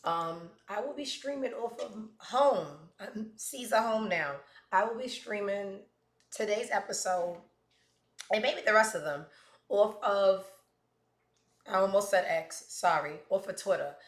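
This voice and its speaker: A woman's voice: medium pitch, a little slow, roomy sound. A woman hosting a casual livestream, chatting in a rambling, profane way with plenty of asides. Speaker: host.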